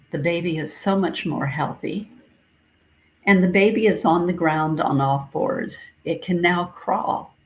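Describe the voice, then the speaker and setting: A woman minister giving a sermon, gently recounting a dream in a reflective, repetitive storytelling way. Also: sits low, low-quality recording. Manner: slow, gentle, reflective storytelling with repeated phrases.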